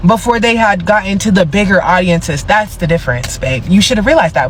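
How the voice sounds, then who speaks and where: A man's voice: high voice, lively intonation, a little fast, hardly any pauses, a little hiss or hum, low-quality recording. A man in a blunt, sassy casual rant, swearing and talking straight to the subject. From United States.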